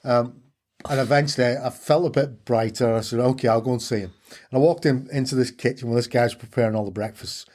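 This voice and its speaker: A man's voice: mid-range voice, steady tone, fairly quick, darkish tone. A middle-aged man, telling his story candidly and earnestly as an interview guest, repeating phrases for emphasis.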